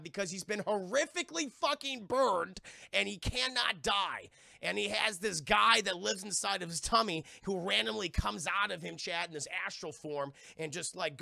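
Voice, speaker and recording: A man's voice: high-pitched, creaky, sharp tone, no echo. A young man reviewing a TV episode on a live stream, rambling and swearing a lot and constantly talking to his chat. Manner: profane, rambling, keeps addressing chat.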